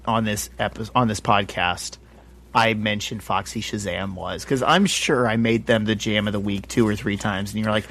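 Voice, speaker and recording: A man co-hosting a casual comic-book podcast, relaxed and chatty, laughing often and swearing in passing. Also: lowish voice, normal speed, a little hiss or hum. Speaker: podcast co-host.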